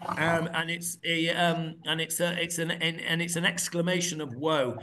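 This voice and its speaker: A man teaching a Bible class, reading verses aloud, explaining them and quizzing his students, often pausing with fillers as he searches for words. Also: fairly high pitch, little pitch movement, background noise. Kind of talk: interactive text study.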